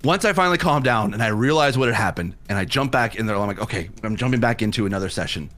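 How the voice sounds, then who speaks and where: A man hosting a livestream, telling a personal story in a casual way and acting out his own excited reactions. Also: lowish voice, fast. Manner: animated retelling that acts out his own past reactions. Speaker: livestream host.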